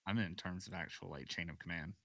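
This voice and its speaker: Wry bright-voiced man on a call. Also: sits low, fast, no echo. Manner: wry, sarcastic, laid-back. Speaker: panel guest. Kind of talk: casual online panel chat.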